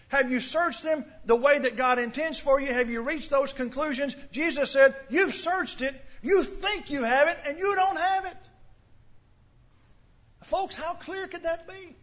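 A man's voice: extremely high pitch, a bit bright, dull audio. A man preaching a sermon in an earnest, questioning way, often repeating words as he starts a sentence.

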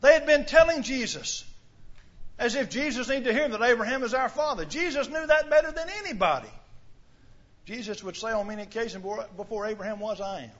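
A man's voice: very high-pitched, expressive, brisk, a bit bright, highs cut off. A man preaching a sermon in an earnest, questioning way, often repeating words as he starts a sentence.

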